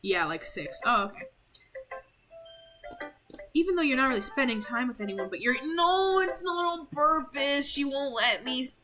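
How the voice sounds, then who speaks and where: A woman's voice: fairly high pitch, big pitch swings, normal speed, long pauses, music in the background, poor audio. A young woman casually commenting while streaming a game, rambling and apologetic, with lots of "like". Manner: chatty, rambling, heavy use of "like", apologetic.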